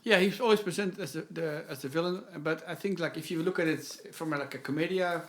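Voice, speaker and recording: Halting, bit higher-voiced man chatting. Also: a bit bright. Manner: halting, many restarts, mock-dramatic recitations. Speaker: podcast host. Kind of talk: casual chat.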